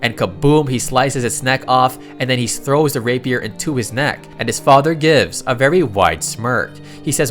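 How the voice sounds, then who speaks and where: A man recaps a comic in a relaxed, chatty way, reading every character's lines in a mid-pitched voice and breaking off for amused asides. Faint music plays softly under his narration. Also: normal speed, few pauses. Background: faint background music.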